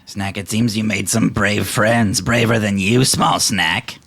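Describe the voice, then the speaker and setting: A man voicing a taunting male kobold bully who sneers and mocks in a raised, loud voice. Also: fairly low pitch, steady tone, unhurried, vocal fry, slightly rough, pitched above the performer's own voice, heavily acted. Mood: mocking. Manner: sneering, mocking.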